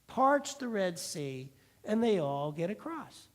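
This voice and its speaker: High-voiced man preaching with animated storytelling. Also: slow. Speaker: pastor. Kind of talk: sermon.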